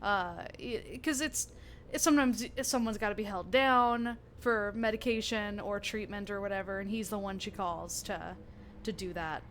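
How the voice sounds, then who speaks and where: A woman's voice: medium pitch, moderate pace, a bit bright, slight background noise. A woman game master narrating a tabletop role-playing scene, rambling and laughing often.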